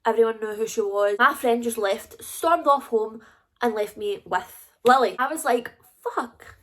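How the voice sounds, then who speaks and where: A woman's voice: a little high, normal speed, fairly bright tone. A young woman with a Scottish accent telling a casual storytime to her viewers, chatty and confiding. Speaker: YouTuber.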